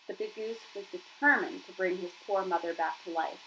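A woman's voice: medium pitch, fairly even intonation, normal speed, few pauses, pushed and bright, slight background noise, poor audio. A woman reading a children's novel aloud as narrator, telling the story expressively.

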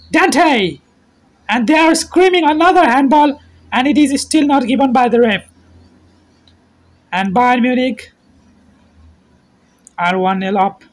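A man calls a football match play by play in a high voice. He talks slowly and keeps it terse, mostly just naming players as the ball moves. At the big moments he shouts. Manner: terse name-calling play-by-play, shouts at goals. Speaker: football commentator.

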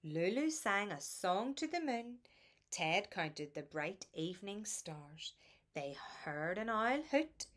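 A woman reading a children's bedtime picture book aloud in a soft, soothing, lilting way. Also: medium pitch, very animated, slow pace. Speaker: storybook reader.

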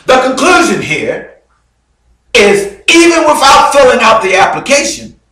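High-voiced preacher in an echoing church. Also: male voice, sing-song, measured pace, slight background noise. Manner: dramatic storytelling, swings between loud bursts and low drops. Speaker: bishop preaching. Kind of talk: sermon. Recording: very echoey hall, mic far off.

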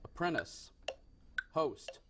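A man's voice: slow, very noisy. A young man hosting a game show in a TV studio, with upbeat patter and frequent self-corrections.

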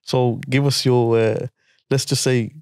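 A man hosting a podcast, asking his guest questions in a relaxed, joking way. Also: mid-range voice, unhurried, clean tone, no echo, clean studio sound. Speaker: podcast host, boxing coach. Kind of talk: interview questions.

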